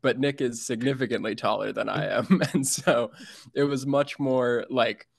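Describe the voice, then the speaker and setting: A man's voice: mid-range voice, fairly even intonation, moderate pace, creaky, no echo, clean studio sound. A man in his twenties, a financial planner and podcast guest, telling stories in an upbeat way and laughing often. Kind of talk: casual interview storytelling.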